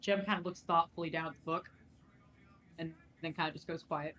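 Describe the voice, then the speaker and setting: A woman's voice: deep voice, steady tone, brisk, a bit bright. A woman playing a tabletop game, describing her character in a casual, offhand way that includes some swearing. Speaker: player. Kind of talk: tabletop role-play.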